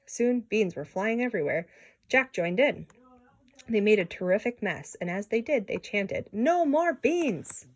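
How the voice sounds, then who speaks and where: A woman reading a children's story aloud in an expressive way, with small slips and restarts. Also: medium pitch, normal speed. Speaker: storybook reader.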